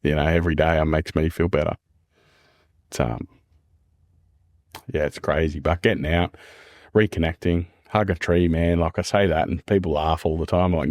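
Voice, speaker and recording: A man's voice: extremely low pitch, steady tone, normal speed, pauses often, darkish tone, no echo, clean studio sound. An Australian man talking earnestly and candidly as a podcast guest, repeating phrases and calling the listener "man" and "mate". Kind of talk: candid casual conversation.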